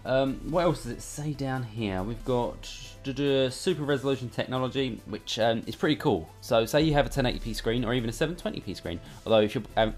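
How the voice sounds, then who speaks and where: A man chatting casually and irreverently while unboxing gear in a bedroom at home. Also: on the low side. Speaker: hardware reviewer. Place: bedroom at home under a studio light.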